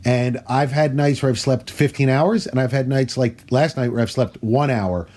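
A man, a comedian, chatting on a video call with dry, wry jokes and halting "uh" pauses. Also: medium pitch, mellow. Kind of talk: casual chat on a video call.

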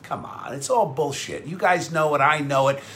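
A combative talk show host from New with a high, bright voice. He rants sarcastically, repeats himself for punch and fires back at viewer comments. His delivery is blunt and restless. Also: moderate pace. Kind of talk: live-streamed talk show rant.

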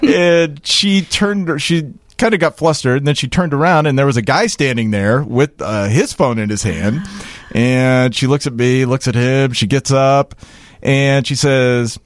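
A man hosting a casual podcast chat, telling a dating story with lively acted-out dialogue. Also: medium pitch, a little slow, no room sound, clean studio sound. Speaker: podcast host.

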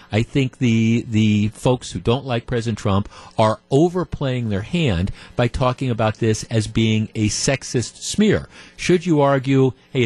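A man's voice: mid-range voice, darkish tone. Man hosting a talk radio show. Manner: conversational, with many restarts and repeated words. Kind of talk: talk radio commentary with callers. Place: radio studio.

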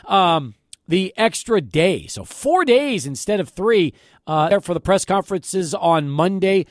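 A man hosting an afternoon sports radio show, talking in an excitable, animated way from the studio. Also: sits high, a little slow, no room sound. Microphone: studio microphone.

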